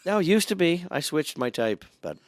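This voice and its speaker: A man co-hosting a podcast in casual chat, an animated storyteller who acts out the people in his jokes. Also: a little high, moderate pace, no room sound. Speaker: podcast co-host. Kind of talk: casual chat, telling a joke.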